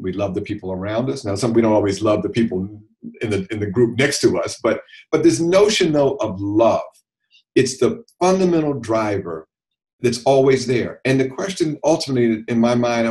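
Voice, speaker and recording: A man, a physician guest on a podcast, speaking in a measured, thoughtful, reflective way. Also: medium pitch, animated, a little mellow, poor audio. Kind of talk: reflective interview talk.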